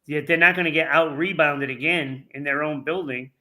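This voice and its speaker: A man co-hosting a casual sports talk show, dropping quick asides and wisecracks. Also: on the high side, steady tone, sharp tone. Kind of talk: casual sports picks chat.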